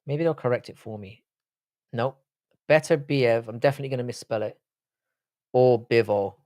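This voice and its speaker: A man's voice: medium pitch, moderate pace, a little mellow. A man with a London accent hosting a live stream, chatting casually, reading the chat aloud and trading crude banter. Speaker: livestream host.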